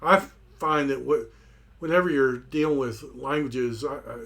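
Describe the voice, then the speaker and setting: A man teaching a language course, asking gentle, curious questions in a relaxed way. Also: mid-range voice, unhurried, gravelly.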